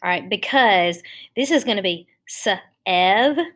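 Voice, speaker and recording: A woman teaching phonics to young children. She talks slowly and patiently, breaking every step down. Her voice sits at an ordinary middle pitch. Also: lively intonation, fairly bright tone. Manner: slow, patient, step-by-step explaining.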